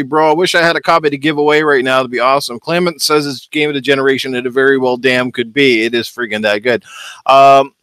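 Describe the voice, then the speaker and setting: Man, gaming stream host, casual and upbeat, mid-pitched, dry close sound. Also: fairly bright tone, dry recording. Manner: chatty, upbeat, greets viewers. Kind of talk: casual livestream chat.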